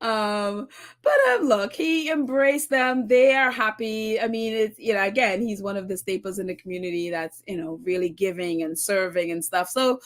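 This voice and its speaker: A woman's voice: mid-range voice, steady tone, moderate pace. A woman hosting a casual commentary show, reading viewer comments aloud and laughing often as she talks. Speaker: commentary channel host.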